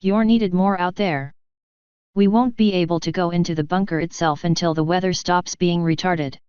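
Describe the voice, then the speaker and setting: A woman's voice: on the low side, steady tone, normal speed, darkish tone, smooth, no echo, dull audio, lightly acted. A woman voicing a blunt, crude young swordswoman with a dry way of talking.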